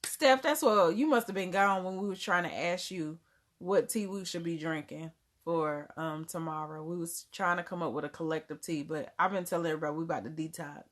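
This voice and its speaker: Her voice is deep and fairly bright, steady in tone and a little quick. Hailing from Germany but speaking with a Southern US accent, she hosts a relaxed live chat, answering viewers' comments with frequent laughter, casual grammar, and dropped words.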